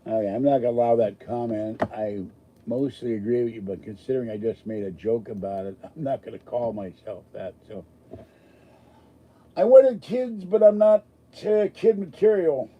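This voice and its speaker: A man's voice: mid-range voice, moderate pace, lo-fi sound, slight background noise. A man hosting a live stream, chatting casually with a rambling, self-deprecating, joking manner. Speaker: livestream host answering chat.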